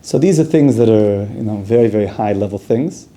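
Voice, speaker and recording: A man's voice: lowish voice, brisk, mellow. A man giving a casual, conversational Torah class, dropping Hebrew and Yiddish terms into plain talk. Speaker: yeshiva teacher.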